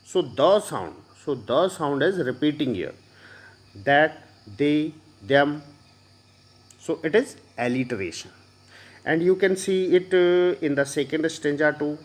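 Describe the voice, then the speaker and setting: Man, Indian English accent, teacher explaining a poem, pauses and fillers, crickets faintly behind. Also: fairly high pitch, lively intonation. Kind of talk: classroom poetry lesson.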